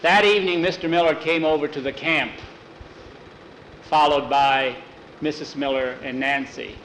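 A man's voice: a little high, steady tone, moderate pace, a bit bright, slight background noise. Homespun male storyteller in an echoey room. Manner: homespun, leans on repeated "he says" and "finally". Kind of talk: oral storytelling.

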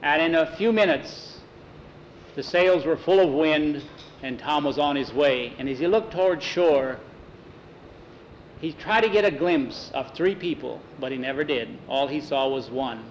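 A man telling a story aloud in a plain, unhurried way. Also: a little high, muffled recording, a little hiss or hum.

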